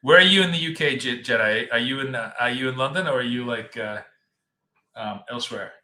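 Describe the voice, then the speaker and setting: A trading coach and stream host chats casually and rambles while speaking directly to viewers on his live trading stream. His medium-pitched voice is a little fast, pushed and bright, recorded in an echoey room.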